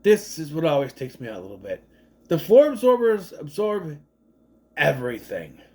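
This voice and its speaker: A chatty man in his thirties rambles through a casual movie recap. His voice sits a bit high and swings up and down a lot as he acts out lines from the film. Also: sing-song, normal speed, warm tone. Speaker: movie reviewer.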